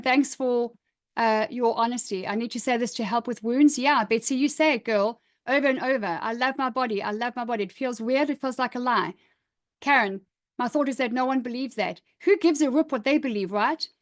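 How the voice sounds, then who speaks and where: Middle-aged woman coach, slightly high voice, upbeat and emphatic, encouraging workshop style. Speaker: image coach. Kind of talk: live online workshop, reading out participants' comments.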